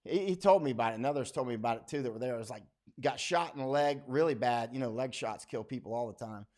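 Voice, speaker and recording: A man's voice: mid-range voice, fast, darkish tone. A man, a war correspondent, hosting a casual livestream and reading out viewer comments in a rambling, folksy, blunt way with many asides.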